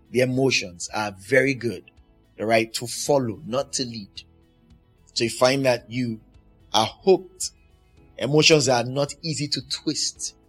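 A man's voice: mid-range voice, husky. A man preaching a sermon, emphatic and driving his points home by repeating them.

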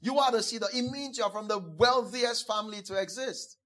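A man's voice: high-pitched, fairly quick, fairly bright tone. A man preaching a sermon as pastor, emphatic, repeating key phrases again and again, and acting out quoted speakers. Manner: acts out quoted speakers in a playful voice.

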